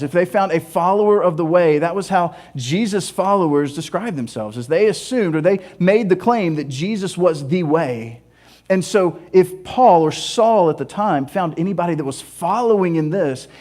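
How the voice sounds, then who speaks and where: Animated, high-voiced male pastor preaching. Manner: animated, conversational preaching with casual asides. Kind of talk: sermon.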